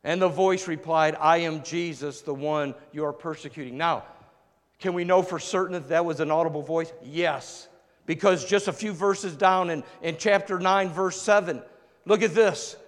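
A man preaching a sermon, shifting between loud emphatic lines and hushed low ones. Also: normal speed. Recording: long reverb of a large hall.

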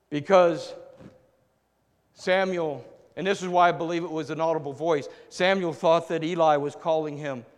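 A man preaching a sermon, shifting between loud emphatic lines and hushed low ones. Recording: long reverb of a large hall.

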